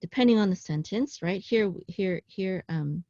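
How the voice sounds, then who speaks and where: Halting woman teaching Hebrew, lo-fi. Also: mid-range voice, warm tone, dry recording. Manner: halting, with frequent ums, self-corrections and "okay?" check-ins. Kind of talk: casual online class, explaining text on screen. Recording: dull lo-fi sound, dry close room.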